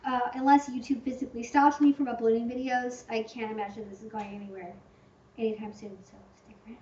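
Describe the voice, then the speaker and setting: Woman livestream host, chatty and rambling, fond of hyperbole; distant mic, dull boomy sound. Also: fairly even intonation, quick pace, warm tone, a little hiss or hum. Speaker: channel host answering viewer questions. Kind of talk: casual livestream Q&A. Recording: echoey room, distant muffled mic.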